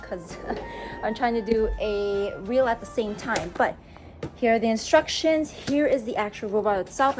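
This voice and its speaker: A young woman's voice, slightly high and a bit mellow, chats through an unboxing in a casual home vlog. She's a beauty vlogger doing a relaxed product review, full of fillers and little asides to her pets.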